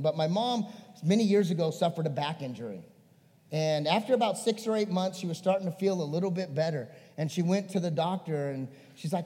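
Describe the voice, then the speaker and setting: Male pastor, high voice, animated preaching, reverberant hall. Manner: animated, swinging between emphatic and hushed. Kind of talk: sermon.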